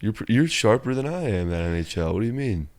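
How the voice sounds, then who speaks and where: A man's voice: fairly low pitch, sing-song, fast talker, a little mellow. A man co-hosting a sports betting podcast, talking in a laid-back way, laughing a lot and swearing casually. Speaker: podcast co-host.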